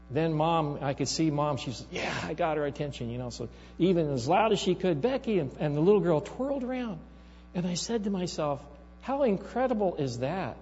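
A man's voice: fairly high pitch, darkish tone. A male pastor preaching a sermon, telling a story and building to emphatic rises. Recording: reverberant hall, dull sound, mains hum.

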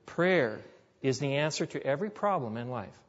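A man's voice: medium pitch, very animated, normal speed. A male pastor preaching a sermon, telling stories in a folksy, conversational way. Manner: storytelling, folksy. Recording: echoey hall, dull lo-fi sound.

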